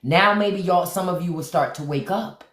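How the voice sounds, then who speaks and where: A woman with a lowish voice hosts a livestream at a moderate pace, speaking bluntly and preachily. She repeats lines for emphasis and greets viewers by name, and the room sounds echoey.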